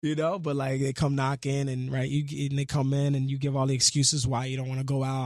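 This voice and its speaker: A man's voice: medium pitch, monotone, fairly quick, hardly any pauses, darkish tone, dry recording. A man, a guest musician in a radio studio, talking in an earnest, reflective and slangy way and half-reciting lyrics. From Brooklyn, New York. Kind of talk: casual interview chat.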